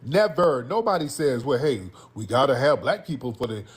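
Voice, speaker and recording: A man's voice: mid-range voice, big pitch swings, a little fast, husky. A man giving political commentary in an emphatic, scolding way.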